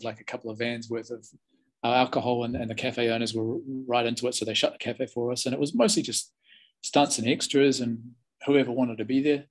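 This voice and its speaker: Husky, laid-back New Zealand man. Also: medium pitch. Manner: laid-back and chatty, many restarts. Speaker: interview guest, former film extra. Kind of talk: casual storytelling.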